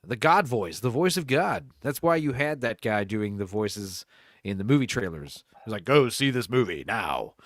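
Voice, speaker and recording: A man's voice: on the low side, lively intonation, normal speed, a bit bright, no echo, clean studio sound. A man co-hosting a podcast, chatting casually, swearing freely and slipping into mock voices. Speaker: podcast co-host. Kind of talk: casual chat.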